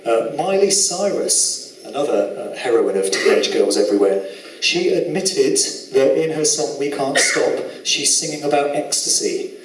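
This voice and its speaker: A man's voice: on the high side, measured pace. A man with a Southern English accent giving a live lecture presentation in an indignant, sarcastic, moralizing manner. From England. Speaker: conference speaker. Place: lecture hall. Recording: echoey hall, mic from far off.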